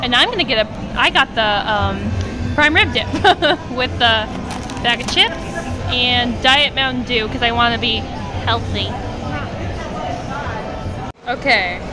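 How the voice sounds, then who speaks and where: Vlogger, woman, high voice, gushing and excitable, music underneath. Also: slow pace, pauses often, crowd noise. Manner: excitable, gushing, repeats exclamations. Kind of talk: casual vlog chat. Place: hotel room. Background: background music.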